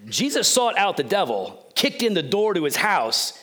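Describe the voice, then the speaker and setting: A pastor giving a sermon in a joking, conversational, storytelling manner. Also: male voice, high voice, big pitch swings, fairly quick, a bit bright.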